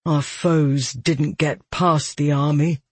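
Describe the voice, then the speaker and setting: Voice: medium pitch, fairly even intonation, slow, husky, no room sound. A narrator voicing a wary, decisive male warrior leader in an audiobook, giving terse, firm orders. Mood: grim.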